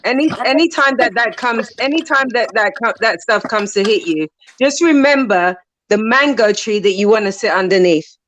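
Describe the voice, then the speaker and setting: A supportive woman co-hosts the chat, repeating herself as she encourages. Her voice sits fairly high, and faint noise with clicks runs underneath. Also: animated, normal speed, a bit bright. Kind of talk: casual live-stream chat.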